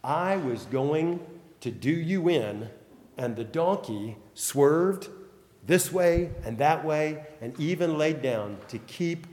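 A stern, sword-bearing angel, as a male preacher puts him on, speaking low, slow and grave. The line hangs in a long reverberant hall. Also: animated, darkish tone.

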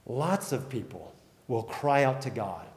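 A man's voice: mid-range voice, very animated, measured pace. A man preaching a sermon in a conversational storytelling way, sometimes repeating words as he thinks. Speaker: pastor. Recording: long hall reverb.

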